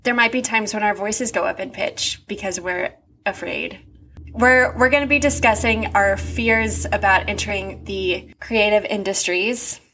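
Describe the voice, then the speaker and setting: A woman's voice: medium pitch, unhurried, pushed and bright, slight background noise. A young woman co-hosting a podcast, earnest and self-deprecating in a casual chat. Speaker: podcast co-host.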